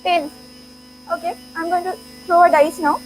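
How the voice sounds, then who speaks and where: A woman's voice: very high voice, steady tone, moderate pace, soft background music, low-quality recording. A woman giving an interactive classroom lecture, playful, laughing often and urging the students on. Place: lecture hall.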